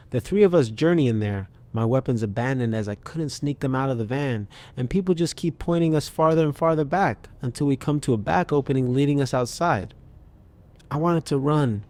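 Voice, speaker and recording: A man narrating a scripted story with a steady, even storytelling delivery. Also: medium pitch.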